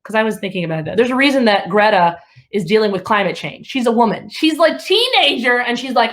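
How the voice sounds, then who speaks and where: A woman in her thirties from Alabama doing stand-up, telling stories in an animated, chatty way with laughs between lines. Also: fairly high pitch, fairly quick. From Alabama, USA. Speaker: comedian. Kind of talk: stand-up comedy.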